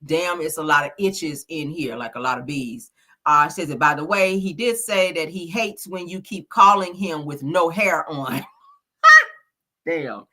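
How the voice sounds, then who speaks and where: A woman's voice: sits low, measured pace, bright, forceful tone. A woman giving casual, blunt celebrity gossip commentary, sassy and profane, laughing often.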